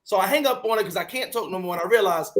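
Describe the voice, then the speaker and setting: A man hosting a casual talk show, telling a personal story in an animated way, repeating words and acting out his own shouting. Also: high-pitched, racing, low-quality recording. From New York. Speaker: podcast host.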